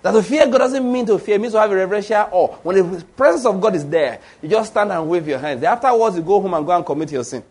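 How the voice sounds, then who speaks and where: A male preacher delivers a sermon in a high voice. He presses each point hard and keeps turning to the congregation with questions. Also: lively intonation, fast talker, hardly any pauses, a little mellow, slightly rough. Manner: emphatic, with rhetorical questions to the congregation.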